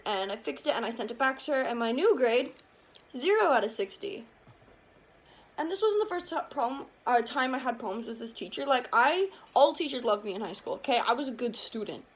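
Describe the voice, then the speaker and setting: A woman's voice: fairly high pitch, fairly bright tone. A young woman vlogger chatting casually through a storytime while doing her makeup, retelling scenes with lots of "like".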